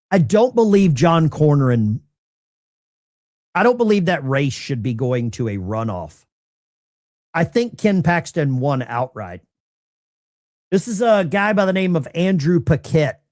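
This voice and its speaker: A man hosting live political commentary, incredulous and animated, talking straight to his chat. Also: a little high.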